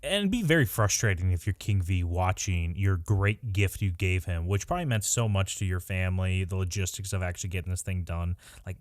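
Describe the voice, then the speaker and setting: Low voiced guy co-hosting a podcast, rambly and easygoing, acts out quotes, dry mic. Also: a little fast, few pauses, no room sound. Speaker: podcast co-host. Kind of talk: casual chat.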